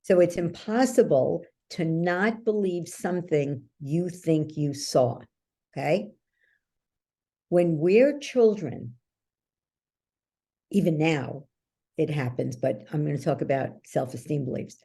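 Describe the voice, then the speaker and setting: A woman speaks as an interview guest in a low, warm voice. She talks at an unhurried pace, tells stories and keeps checking that the listener follows. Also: breathy edge. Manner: checks in with the listener often, storytelling. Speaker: guest, belief-change coach. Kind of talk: explanatory interview talk.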